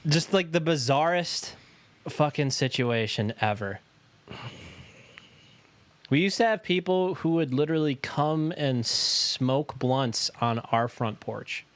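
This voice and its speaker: A man co-hosting a podcast in casual chat, joking and swearing in quick banter. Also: mid-range voice, fairly bright tone, no echo. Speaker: podcast co-host.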